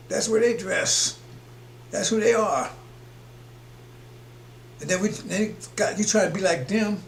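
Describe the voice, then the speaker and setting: A man preaching on a broadcast in an emphatic, rambling way, chuckling between his points. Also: sits high. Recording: echoey room with faint hum.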